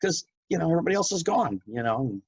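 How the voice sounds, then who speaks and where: A middle-aged ex-child actor from New Jersey rattles through a story at a quick pace in a casual chat, animatedly acting out other people's lines. His voice is on the high side and slightly rough, and the highs are cut off.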